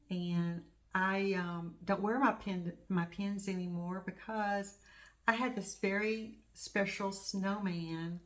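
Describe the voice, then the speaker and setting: A middle-aged woman hosting a craft channel, chatting casually and rambling as she gushes over her stitching projects. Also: on the low side. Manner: chatty and rambling, gushing over small things. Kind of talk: casual show-and-tell chat.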